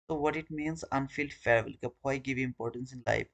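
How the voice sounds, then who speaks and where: A man's voice: mid-range voice, quick pace, vocal fry. A man hosting a live trading stream, talking to his viewers in an earnest, informal way.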